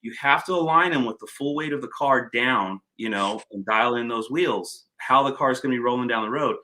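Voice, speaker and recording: A man's voice: mid-range voice, brisk. A man hosting a casual chat, telling stories loosely and swearing freely. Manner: storytelling, swears freely, animated when retelling. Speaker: podcast host.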